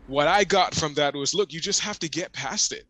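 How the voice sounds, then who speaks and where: A man hosting a podcast, speaking in a reflective, conversational way and often filling pauses with "you know.". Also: fairly high pitch, pushed and bright. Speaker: podcast host.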